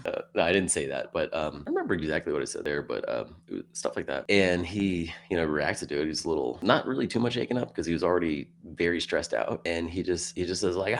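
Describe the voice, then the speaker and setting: A man with an extremely low voice and a gravelly fry tells a story on a podcast. He chats casually, acts out what people said, and clears his throat now and then. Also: expressive, fairly quick, hardly any pauses. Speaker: podcast guest.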